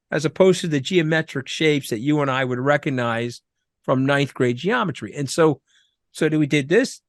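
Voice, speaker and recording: Animated New man, dry close sound. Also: fairly high pitch, dry recording. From Long Island, New York. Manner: animated, emphatic, rapid-fire storytelling. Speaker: guest. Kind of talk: conversational interview.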